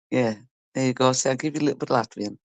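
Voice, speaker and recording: Rumbling low and free of echo, a woman's voice carries a casual livestream chat. She reads comments and teases her audience with laughter and an occasional swear word.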